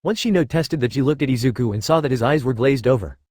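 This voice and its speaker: A man narrates a fan fiction story in a flat, hurried reading voice. He races through the text at a brisk pace. The recording is dry and close. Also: medium pitch, dry recording.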